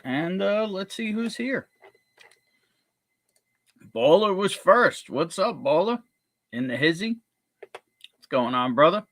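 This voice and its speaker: A man's voice: high-pitched, animated, slow pace, pauses often. Jokey man hosting a whiskey livestream. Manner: jokey, upbeat shout-outs to viewers. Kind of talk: casual livestream chat. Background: faint background music.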